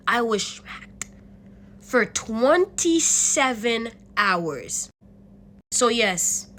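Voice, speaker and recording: A young woman telling a storytime vlog in an animated, slangy way, with swearing and laughter. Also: fairly high pitch, slight background noise. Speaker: vlogger.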